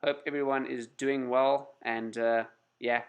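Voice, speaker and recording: Gravelly man with a cold, chatty livestream host. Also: medium pitch, flat delivery, unhurried, dull audio. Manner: chatty, apologetic, reads out viewer greetings. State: has a cold. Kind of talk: casual livestream chat with viewers.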